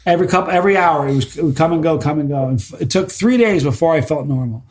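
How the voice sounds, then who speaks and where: A man telling animated stories as a podcast guest, casual and full of restarts. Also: on the high side, fast. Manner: animated storyteller with frequent restarts. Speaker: guest, spicy food challenge creator.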